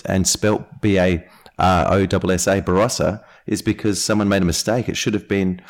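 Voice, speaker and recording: A man's voice: deep voice, steady tone, moderate pace. An Australian man, a winemaker guest, talking casually with many ums and restarts. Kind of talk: casual interview.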